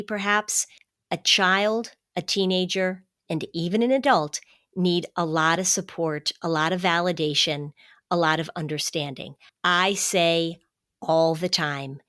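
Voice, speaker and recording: Middle-aged woman host, lowish voice, dry close mic, calm and emphatic advice. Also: no echo. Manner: calm, warm-hearted, emphatic, slows for stress. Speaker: podcast host, anxiety expert. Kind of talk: advice podcast, explaining.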